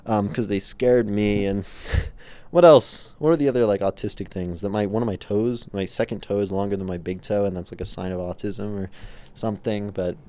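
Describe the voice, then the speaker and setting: A man hosting a livestream and improvising spoken word poetry, musing softly and then suddenly loud, laughing at himself and chatting to viewers between lines. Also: on the low side, fairly even intonation, moderate pace. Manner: free-associating, musing, soft and intimate, then suddenly loud. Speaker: livestream host.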